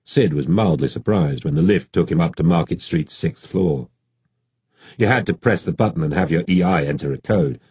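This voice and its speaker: Man narrating an audiobook, deep husky voice, steady pace, dry close mic. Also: no room sound. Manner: measured, steady storytelling.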